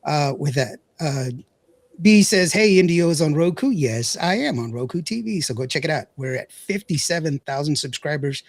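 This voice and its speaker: Guy hosting a radio show, husky voice, kinda high, laughs a lot, trips over words. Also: animated, moderate pace, no room sound. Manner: chatty, laughs often, stumbles over words. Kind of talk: casual radio chat reading viewer comments.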